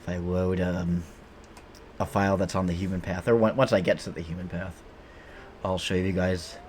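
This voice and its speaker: A man's voice: deep voice, level tone, moderate pace, darkish tone, faint music behind. A man streaming a video game, giving casual, rambling commentary full of fillers and restarts.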